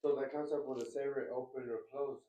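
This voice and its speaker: A male student in a class discussion who chimes in with quick, eager remarks. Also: medium pitch, fairly even intonation, dark tone, muffled recording.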